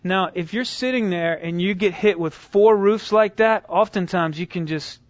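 A man teaching a group, retelling conversations in a conversational, animated way with frequent restarts. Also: sits high, normal speed, no room sound. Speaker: speaker teaching evangelism. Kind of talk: storytelling lecture. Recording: dull lo-fi dry recording.

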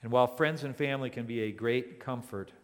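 A man preaching a sermon as a pastor, speaking deliberately and building to emphatic declarations. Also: medium pitch, in a large hall. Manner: slow and deliberate, rising to emphatic.

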